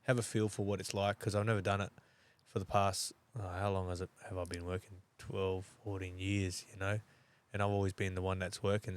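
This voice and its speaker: Easygoing Australian man, low voice. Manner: easygoing, agreeable, lots of "yep" and "yeah". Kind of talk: casual chat over beers.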